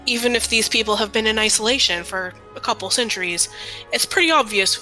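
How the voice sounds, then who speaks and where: Bright-voiced woman playing a tabletop game. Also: fairly high pitch, a little fast, faint music behind, rough recording. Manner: casual, describing her character's actions. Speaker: player. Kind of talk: tabletop role-play.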